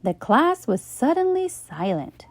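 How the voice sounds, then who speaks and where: A woman reading a children's bedtime story aloud in a slow, expressive way. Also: high-pitched, dry recording, clean studio sound.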